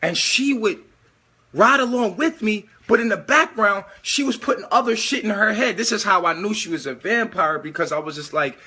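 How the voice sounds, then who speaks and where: A male vlogger delivers a casual, preachy monologue, animated and swearing freely. His voice sits high with a bright, tense edge and a husky grain. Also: moderate pace.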